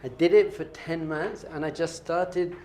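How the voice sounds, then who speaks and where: A man leads a class as a rabbi, his voice pitched somewhat high for a man. He teaches in an animated, playful way and keeps quizzing his students. He sounds middle-aged. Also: unhurried.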